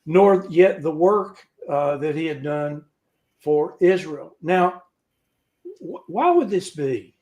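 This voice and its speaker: Man, higher-pitched voice, casual Bible teacher on a video call, folksy and halting with restarts. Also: expressive, darkish tone. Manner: folksy, with joking asides. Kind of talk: informal scripture teaching.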